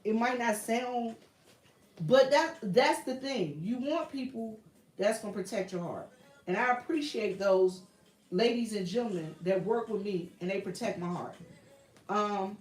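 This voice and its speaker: A woman's voice: medium pitch, a little slow, echoey room, recorded from a distance, poor audio. A woman with a Southern US accent hosting a casual livestream chat from her workshop, earnest and repetitive, calling her viewers y'all. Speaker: YouTube livestream host. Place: home workshop with a printer running.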